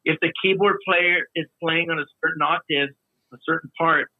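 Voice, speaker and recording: A man, a podcast guest, chatting casually in a relaxed way with many restarts. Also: on the high side, moderate pace, dry recording. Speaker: podcast guest, musician and video maker. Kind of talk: casual chat. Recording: tinny phone-line sound.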